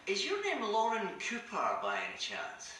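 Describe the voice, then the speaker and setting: A man's voice: high-pitched, huge pitch swings, normal speed, far from the mic. An actor with a Scottish accent playing a stern, dry male English teacher in a roomy, noisy classroom clip.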